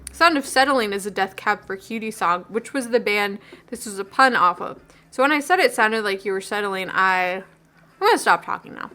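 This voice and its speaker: A woman's voice: mid-range voice, pushed and bright. A woman voicing a laid-back young male skater barista with a drawling, theatrical voice.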